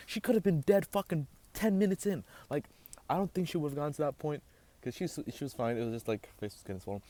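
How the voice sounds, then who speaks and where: A young man hosting a casual storytime vlog, animated and swearing as he gets heated. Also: a little high, a little fast, no room sound. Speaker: vlogger host.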